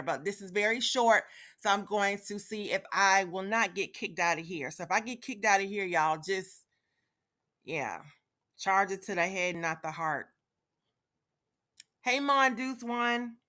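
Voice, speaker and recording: A woman's voice: medium pitch, bright, forceful tone. A woman hosting a live stream, talking straight to her viewers in a chatty, casual way with frequent fillers. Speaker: livestream host.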